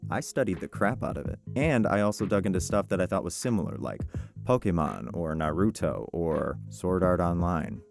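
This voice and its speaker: A man's voice: low voice, lively intonation, moderate pace, gravelly, a little mellow, faint music behind. A voice actor, a man, giving upbeat and encouraging career tips in a casual, conversational way. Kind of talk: casual advice vlog.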